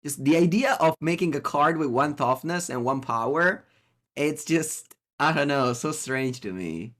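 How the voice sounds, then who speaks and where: A man's voice: a little high, unhurried, fairly bright tone. A man with an Italian accent giving live, chatty commentary as he plays, talking to himself and to his chat. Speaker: streamer.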